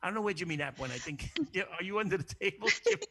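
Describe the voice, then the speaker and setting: A man hosting a crude, casual call-in show, brash and profane and quick to laugh. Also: high voice, very animated, a crowd in the background. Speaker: host.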